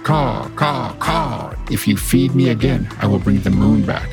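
A man voicing a lazy, greedy male raven trickster with harsh croaking cries and a loud, demanding way of talking. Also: medium pitch, lively intonation, a little slow, music in the background, pitched above the performer's own voice. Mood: scheming.

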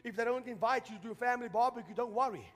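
A man preaching a sermon to a congregation, leading them in call-and-response and building to shouted fervor. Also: very high-pitched, rapid-fire. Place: church hall. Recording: long church hall reverb with faint music.

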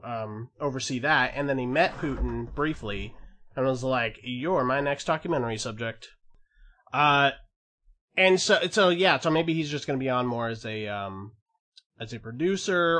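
A podcast co-host, male, makes casual, rambling conversation heavy with fillers and restarts. He speaks at a moderate pace in a mid-range voice that's a bit bright.

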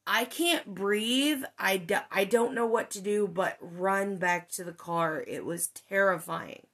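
A woman's voice: fairly low pitch, measured pace. A woman hosting a podcast, telling a ghost story in casual chat, with lots of fillers and some swearing. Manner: animated, many fillers, swears when excited. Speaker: podcast host.

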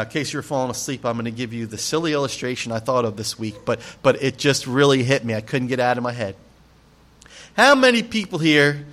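A male pastor preaching with an animated, emphatic delivery. His fairly high voice leaps and drops as he tells a story and speaks straight to the congregation. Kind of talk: sermon.

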